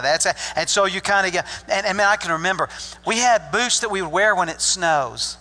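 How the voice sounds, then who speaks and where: A man's voice: high-pitched, brisk, bright, forceful tone. An older man from Arkansas preaching a sermon as pastor, folksy and joking with the congregation. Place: church sanctuary. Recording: long hall reverb.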